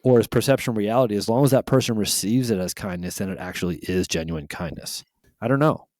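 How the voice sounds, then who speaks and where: A man with a fairly low voice talks casually as a podcast co-host. He tells stories with animation and thinks out loud. The recording is dry and close. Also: quick pace, no echo. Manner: animated storyteller, musing aloud.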